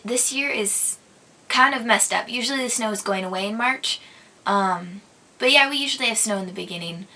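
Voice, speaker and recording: A young woman from Minnesota hosts her own vlog, chatting casually through viewer questions. Her voice is bright and sits a little high. She is giggly and hesitant, full of ums and restarts. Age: young adult. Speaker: vlog host. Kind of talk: casual chat.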